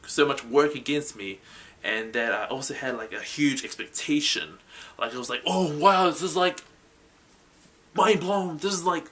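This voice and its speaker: Male solo host, middle pitch, loose rambling delivery full of "like" fillers. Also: fairly bright tone. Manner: rambling, repeats phrases, many "like" fillers. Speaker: talk-show style host. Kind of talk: solo commentary vlog.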